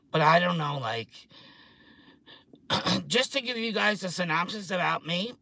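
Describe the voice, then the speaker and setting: A woman, rambling excitedly and swearing freely in a casual chat to camera, her voice a little hoarse. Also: fairly low pitch, normal speed, pauses often, dry recording. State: hoarse throat. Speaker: vlogger.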